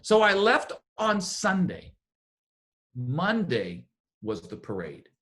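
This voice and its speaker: A man coaching a business team, giving a motivational talk and telling stories in an animated way. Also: high-pitched, slow pace. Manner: animated storyteller, acts out what others said.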